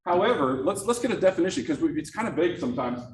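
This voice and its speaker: Fairly high-pitched, animated and rapid-fire, a middle-aged workshop presenter keeps a live meeting-room audience engaged with frequent questions during his productivity session. The room is echoey, the mic distant, with faint noise.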